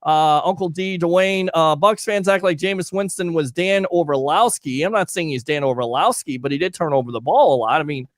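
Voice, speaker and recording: A man's voice: on the high side, normal speed, hardly any pauses, dry recording. A man hosting a live sports talk show, reading listener comments aloud and bantering with his co-host. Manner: animated, reads listener comments, jokey banter. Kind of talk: casual live call-in sports chat.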